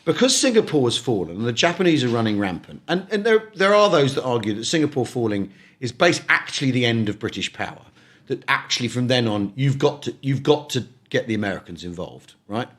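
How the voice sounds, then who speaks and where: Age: middle-aged. Sex: man. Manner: lively, stumbling restarts. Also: medium pitch, brisk. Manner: animated, stumbling restarts and repeated words. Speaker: podcast co-host. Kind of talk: casual history chat.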